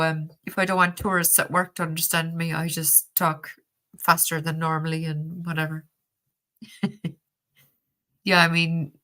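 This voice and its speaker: Chatty Cork Irish woman streaming, lowish, bright voice, quick laugh, casual swearing. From Ireland. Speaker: tarot deck reviewer reading live chat. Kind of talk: casual live-stream chat.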